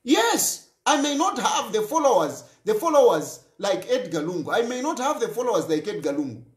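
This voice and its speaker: A man's voice: sits high, very animated, normal speed, echoey room. A Zambian man hosting a talk show, speaking in an impassioned political monologue and repeating phrases for emphasis.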